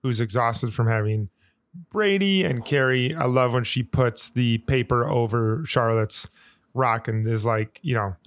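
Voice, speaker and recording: A man's voice: mid-range voice, measured pace, no room sound. A man co-hosting a podcast, animatedly recapping scenes in casual chat. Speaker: podcast co-host.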